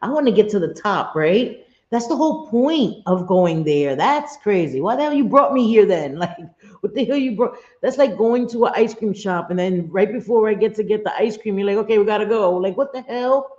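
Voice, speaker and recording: A woman's voice: mid-range voice, lively intonation, moderate pace, darkish tone. A middle-aged woman hosting a casual livestream chat, talking freely, swearing and chuckling as she answers her viewers at home. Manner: chatty, swearing, laughing often, reads chat aloud. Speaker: livestream host. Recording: roomy, dull lo-fi stream audio.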